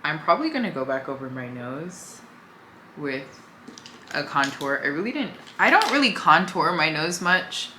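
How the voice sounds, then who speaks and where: Low-voiced chatty woman doing her makeup. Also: very animated, moderate pace, roomy sound, background noise. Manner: chatty, talks while applying makeup, easygoing. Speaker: beauty vlogger. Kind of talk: casual makeup tutorial chat.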